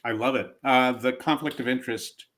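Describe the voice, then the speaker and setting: Bright-voiced, measured male co-host. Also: medium pitch, steady tone. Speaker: podcast co-host. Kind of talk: casual podcast chat.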